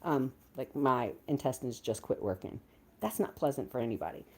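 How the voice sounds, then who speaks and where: Chatty woman livestreaming, lively pitch. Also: moderate pace, slightly rough. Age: 50s. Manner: chatty, greets viewers with bursts of excitement. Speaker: livestream host. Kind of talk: casual livestream chat.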